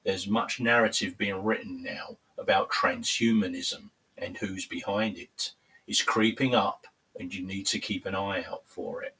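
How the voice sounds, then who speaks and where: A man with a Cockney accent and a cold, reading a prepared political monologue in a measured, formal, grave manner. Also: sits low, fairly even intonation, creaky, pushed and bright, far from the mic, rough recording. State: has a cold. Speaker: political commentary host.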